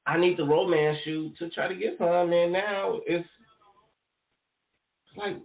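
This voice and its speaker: A man's voice: sits high, fairly even intonation, a little slow, vocal fry. A man co-hosting a podcast, arguing in casual, profane chat and talking over his co-host. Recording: echoey room, tinny phone-like sound.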